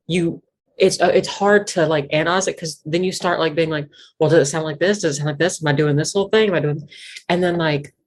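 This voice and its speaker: Low-voiced Appalachian woman, rambling. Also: fairly even intonation, fairly quick. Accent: Virginia foothill Appalachian. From Virginia foothills. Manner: rambling, many fillers and restarts. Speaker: guest musician. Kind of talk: casual interview chat.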